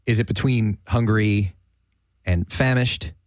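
A man's voice: lowish voice, slow pace, dry recording, clean studio sound. A man hosting a casual chat show, asking mock-outraged, incredulous questions. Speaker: podcast host. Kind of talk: casual banter.

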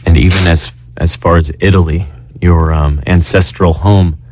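A man's voice: deep voice, fairly even intonation, normal speed, darkish tone, dry recording. A man interviewing an author, talking in a loose, rambling way full of "you know". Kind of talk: interview conversation.

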